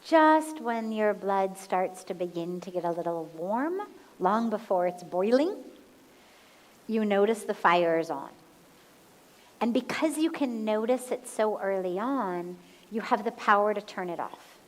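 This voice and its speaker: A woman spiritual teacher answering a question in a calm, measured talk and guiding a slow breathing exercise aloud. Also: mid-range voice, rough recording. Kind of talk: slow, gentle satsang talk. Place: satsang hall.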